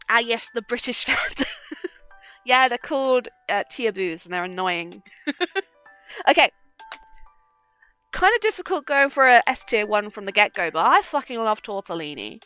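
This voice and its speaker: A woman's voice: mid-range voice, sharp tone. A young woman chatting casually with her live-stream viewers, giggling often and swearing freely at a desk mic.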